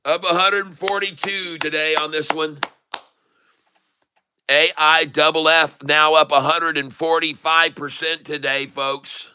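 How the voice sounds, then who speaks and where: A man giving live stock trading commentary, excitable, repeating his sell calls to viewers and joking in broken Spanish. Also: a little high, slow, clear, resonant tone. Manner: jokey, mixes in broken Spanish.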